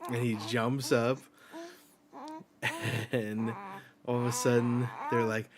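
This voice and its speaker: A man's voice: mid-range voice, flat delivery, a little slow, slight background noise. A man hosting a live reading reaction, casually retelling a manga chapter panel by panel and reading the characters' lines aloud, with the odd swear.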